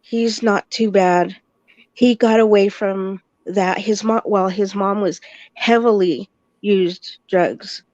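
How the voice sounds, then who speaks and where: Slow, mellow-voiced woman chatting. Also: medium pitch, steady tone, dry recording, dull audio. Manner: slow, halting, with many fillers. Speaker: parent in conversation. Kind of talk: casual chat.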